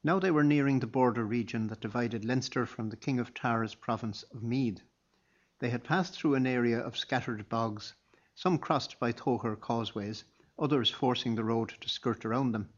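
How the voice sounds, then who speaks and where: A man narrates a historical story in a measured, even voice at medium pitch. The reading is steady and scripted. The recording sounds a bit dull and lo-fi. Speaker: audiobook narrator.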